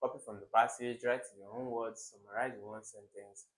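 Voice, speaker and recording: A young man explaining English exam questions as a tutor, animated and repeating words to show where the stress falls. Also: on the low side, brisk, low-quality recording. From Nigeria.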